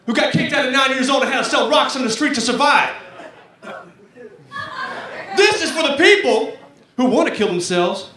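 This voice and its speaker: A man's voice: very high-pitched, lively intonation, normal speed, pauses often, bright, forceful tone, echoey room, distant mic, a little hiss or hum, voice pushed up, heavily acted. A man playing a rock lead singer making a solemn, dramatic dedication.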